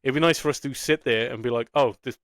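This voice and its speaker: A man's voice: mid-range voice, quick pace, a bit bright, dry recording. Podcast co-host guy, chatty, lots of yeah-no fillers, dry sound. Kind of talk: casual podcast chat.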